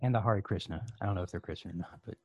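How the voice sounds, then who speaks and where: A man's voice: low-pitched, racing, lo-fi sound. A man in a casual group chat, tossing in dry quips.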